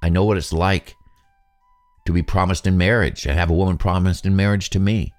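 A man's voice: low voice, steady tone, a little fast, a little mellow, faint music behind. A man in his sixties hosting a solo podcast, musing aloud in a conversational, self-deprecating way. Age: 60s. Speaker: podcast host. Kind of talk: reflective solo podcast monologue.

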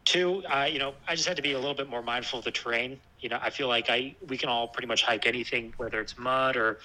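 A man casually talking about hiking with his dog, thoughtful and relaxed, with many fillers and restarts. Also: mid-range voice, fast talker, poor audio. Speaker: hiker discussing a trip with his dog. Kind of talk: casual chat.

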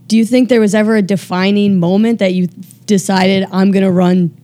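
Female co-host, mellow tone, sums up and probes. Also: mid-range voice, steady tone, fairly quick. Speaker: co-interviewer. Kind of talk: casual interview questions.

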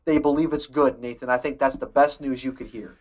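A man's voice: medium pitch, steady tone, fairly quick, a little mellow, lo-fi sound. A man co-hosting a casual movie podcast, thinking aloud with hesitant restarts. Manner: thoughtful, hesitant, many restarts. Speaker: podcast co-host. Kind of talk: casual movie news chat.

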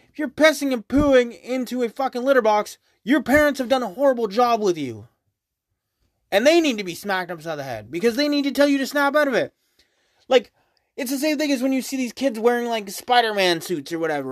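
A woman's voice: a little high, dry recording. Woman podcast host on a rant, exasperated and swearing, dry close recording. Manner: exasperated, profane, mocks others in put-on voices.

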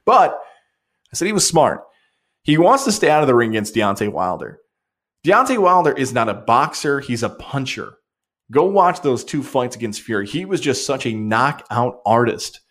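A man hosting a sports talk show, giving an opinionated, animated monologue. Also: medium pitch. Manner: opinionated, animated, rapid swings. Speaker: sports radio host.

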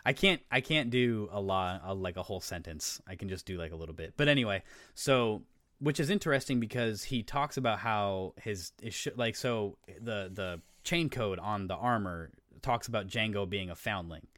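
A man's voice: on the low side, lively intonation, normal speed, fairly bright tone, dry recording, clean studio sound. A man co-hosting a podcast, chatting casually, rambling, swearing offhandedly and explaining things eagerly. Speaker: podcast co-host. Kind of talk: casual chat.

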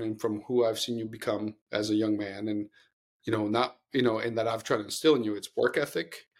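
A man's voice: mid-range voice, gravelly, slightly rough. A middle-aged man co-hosting a podcast, telling long earnest stories in casual chat with many restarts. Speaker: podcast co-host.

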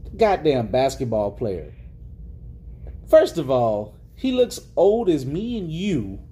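A man's voice: mid-range voice, sing-song, slow pace, dark tone. A man co-hosting a podcast in casual chat, joking and swearing freely as he talks. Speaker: podcast co-host.

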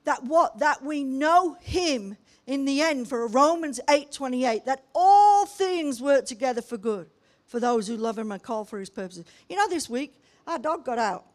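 An older woman pastor preaching a sermon, telling everyday stories with humour and emphatic pauses. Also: high-pitched, animated, a little mellow.

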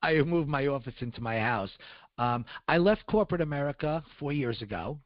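A man's voice: mid-range voice, expressive, brisk, no echo. Sixties man, guest telling his story, loose and rambling, dull dry recording. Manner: rambling with many fillers. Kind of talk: personal storytelling.

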